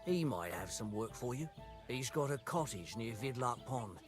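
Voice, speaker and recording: An actor playing a chatty medieval village innkeeper who passes on local gossip in a video game. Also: male voice, medium pitch, expressive, normal speed, close to an everyday voice. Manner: gossipy, informative. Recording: game music underneath.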